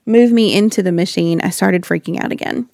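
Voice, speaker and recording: A woman's voice: lowish voice, a little fast, vocal fry, dry recording, clean studio sound. A woman sharing an earnest, reflective personal faith story as a wife and mother. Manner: earnest, reflective, with soft laughs.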